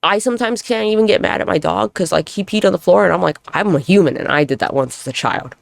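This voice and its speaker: Woman, podcast host, solo monologue, candid, profane, self-mocking, gravelly, dry close sound. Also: on the low side, fast, dry recording. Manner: self-deprecating humor.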